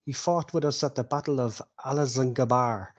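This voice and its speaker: A man's voice: mid-range voice, moderate pace, dull audio, close to an everyday voice. A man voicing an old, friendly male dwarf emissary with a hearty, slightly formal manner in a tabletop game.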